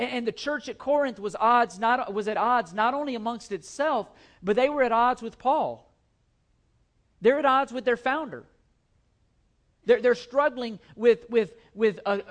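High-voiced earnest male preacher. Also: expressive, normal speed. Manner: earnest, emphatic preaching with repeated phrases. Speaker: pastor. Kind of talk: sermon. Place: church sanctuary.

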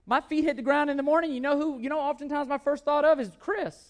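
A man's voice: very high voice, fairly even intonation, fast talker. A man preaching a sermon as pastor, emphatic, often repeating words and asking rhetorical questions.

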